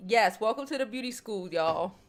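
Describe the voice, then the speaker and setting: A woman hosting a casual celebrity gossip chat, blunt and profane, reading viewer comments and talking straight to her audience, calling them "child" and "y'all". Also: normal speed. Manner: swings between loud animated bursts and low near-murmurs. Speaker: host. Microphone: home streaming setup, waiting on new mics.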